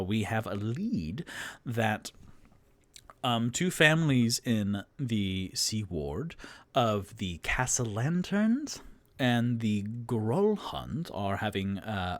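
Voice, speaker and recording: A man's voice: on the low side, no echo. A man narrating and running a tabletop roleplaying game on his own, chatty and self-deprecating with lots of fillers. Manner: chatty, many fillers, laughs at himself. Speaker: dungeon master and solo player.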